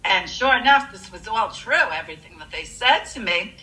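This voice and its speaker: A woman's voice: medium pitch, animated, moderate pace, pushed and bright, low-quality recording. A woman earnestly telling a personal near-death story, with frequent fillers.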